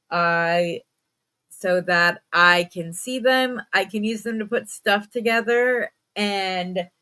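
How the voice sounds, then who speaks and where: A woman hosts a relaxed bead unboxing with a congested, stuffed-up voice. She chats along easily, filling pauses with ums and poking fun at her own slips. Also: medium pitch. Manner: chatty, many ums, laughs at herself. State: stuffed up, lower energy. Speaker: beading channel host. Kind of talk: casual unboxing chat.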